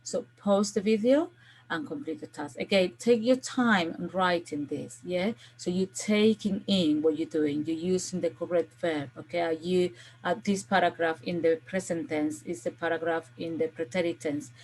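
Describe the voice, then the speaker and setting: Lowish-voiced woman teaching a video lesson. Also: darkish tone. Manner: patient, checks in with frequent "okay?"; gives step-by-step classroom instructions. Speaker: language teacher.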